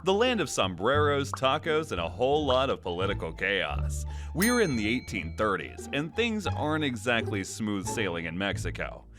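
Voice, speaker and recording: A man's voice: lowish voice, wildly swooping pitch, moderate pace, hardly any pauses. A man telling history in a scripted, jokey comedic narration full of puns. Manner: jokey, punning, playful. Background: background music.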